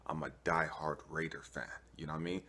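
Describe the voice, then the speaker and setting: Speaking fast in an extremely low voice, a California man preaches casually to camera as an online preacher. His animated stories use streetwise slang, he acts out both sides of conversations, and he keeps checking "you know what I mean."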